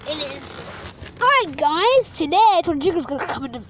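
A woman chatting excitedly and bossily in a casual vlog, talking over the others. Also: high-pitched, moderate pace, a little hiss or hum.

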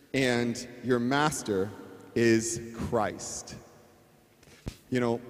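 A man's voice: medium pitch, big-room sound. A man preaching at a wedding, earnest and conversational, with playful asides to the couple. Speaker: pastor officiating a wedding. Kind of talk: wedding sermon. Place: wedding venue.

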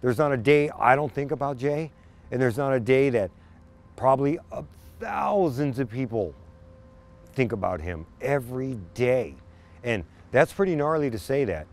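Man, lively rising and falling voice, emphatic, heartfelt. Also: medium pitch, moderate pace. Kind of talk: documentary interview.

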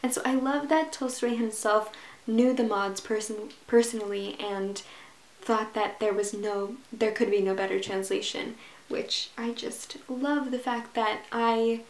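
A woman's voice: on the high side, steady tone, measured pace, echoey room, poor audio. A woman talking casually and enthusiastically about a book she is starting, gushing with restarts and fillers. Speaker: book vlogger. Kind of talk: casual reading vlog.

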